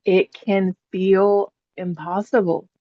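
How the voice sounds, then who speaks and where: A woman's voice: mid-range voice, level tone, slow pace, dry recording, muffled recording. A woman psychic teaching a spiritual class in a chatty storytelling way, laughing often.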